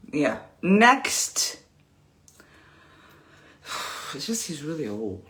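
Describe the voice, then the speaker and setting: Animated, sarcastic woman in her late thirties. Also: low-pitched, drawn-out words, long pauses. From Texas. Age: 30s. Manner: sarcastic, rambling, laughs often, drops to whispers. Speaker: vlogger. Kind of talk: casual storytime rant.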